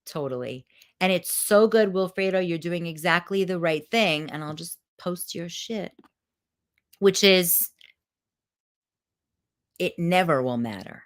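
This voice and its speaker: Candid woman coach on a live stream, curses casually, lively up-and-down delivery. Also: lowish voice, measured pace, pauses often. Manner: frank, swears freely, animated storytelling. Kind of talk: live video talk to viewers.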